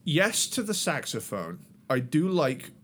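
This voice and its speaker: A man's voice: on the high side, sing-song, fairly bright tone. A man chatting casually as podcast co-host, reviewing an album with wry asides and frequent laughter. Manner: laughing often, unhurried, wry. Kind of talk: casual music review chat.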